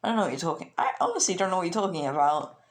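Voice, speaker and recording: A woman's voice: on the low side, huge pitch swings, racing. A brash young male alien fighter, cheerful and cocky, as a woman puts him on. He sounds sure of his own strength and talks up his power. It comes from a casual fan retelling.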